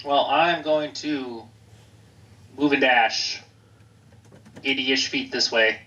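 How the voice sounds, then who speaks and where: A man playing a tabletop game, brisk and playful. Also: mid-range voice, fairly even intonation, sharp tone, distant mic, lo-fi sound. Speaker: player. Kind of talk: casual tabletop game chat.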